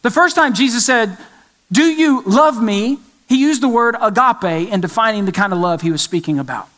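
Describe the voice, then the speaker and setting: A man with a high-set voice preaches a sermon. He speaks with emphatic conviction and drives points home by repeating them. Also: a little fast, pushed and bright. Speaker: pastor.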